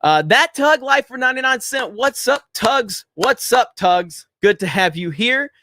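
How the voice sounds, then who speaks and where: A man's voice: very high-pitched, expressive, measured pace, bright, forceful tone, a little hiss or hum. A man hosting a livestream, ranting in heated, profane political commentary and reading out viewer chats, repeating his points for emphasis. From Florida.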